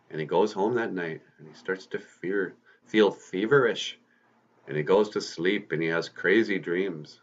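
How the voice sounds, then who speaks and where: A man's voice: low voice, measured pace, fairly bright tone. A man, a podcast host, telling a story to kids in a casual, folksy way with rambling asides. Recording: slightly muffled lo-fi recording.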